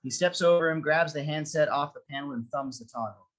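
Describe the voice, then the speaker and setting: A man narrating a script reading, with a steady, descriptive reading of the stage directions. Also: on the high side, fairly quick, low-quality recording.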